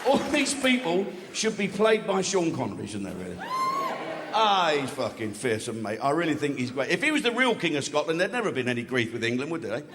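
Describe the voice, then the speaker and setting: A man's voice: on the high side, very animated, a little fast, background noise. Sweary stand-up guy chatting to the crowd, big echoey venue. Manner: crude, swearing, conversational with the audience. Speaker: stand-up comedian. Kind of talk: stand-up comedy routine. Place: large live comedy venue. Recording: echoey hall with crowd laughter.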